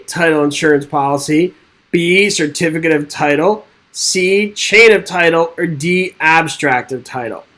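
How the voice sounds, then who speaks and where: A man with a somewhat high voice runs a live exam-prep webinar from his desk microphone. He reads multiple-choice questions aloud, then jokes and checks in with viewers in an upbeat, chatty way. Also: a bit bright, low-quality recording. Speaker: real estate exam instructor.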